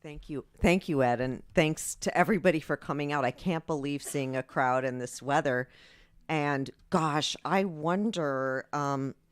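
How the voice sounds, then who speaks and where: A woman born in Britain, an author introducing and then reading an excerpt from her novel, with animated, laughing asides. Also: low-pitched, unhurried, clean tone.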